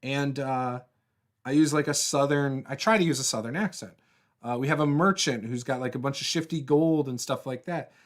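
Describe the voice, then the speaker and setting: A man's voice: medium pitch, normal speed. Laid-back man chatting on a livestream. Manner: rambling, laughs often, many fillers and restarts. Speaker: host of a tabletop RPG livestream. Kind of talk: casual livestream chat, reading viewer comments.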